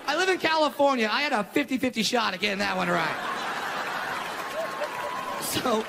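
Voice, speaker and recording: A man's voice: sits high, sing-song, brisk, creaky, long pauses, over a noisy crowd. A male stand-up comedian telling self-deprecating, punchy stories from a club stage. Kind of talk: stand-up set. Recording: reverberant hall with faint noise.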